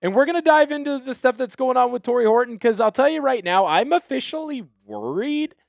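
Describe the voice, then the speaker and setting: A young man hosting a live sports show, hyped and energetic, shouting out viewers by name. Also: very high voice, fairly quick, vocal fry, no echo. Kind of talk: live-stream sports chat.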